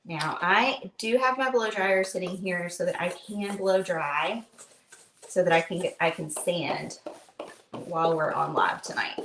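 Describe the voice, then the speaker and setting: A woman's voice: on the low side, unhurried. A woman hosting a live craft stream from home, chatting and telling a rambling story with lots of fillers. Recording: echoey room with faint noise.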